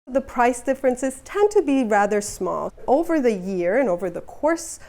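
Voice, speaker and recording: Female academic interviewee, calm explainer tone, mid pitch. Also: normal speed. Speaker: marketing professor. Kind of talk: interview answers.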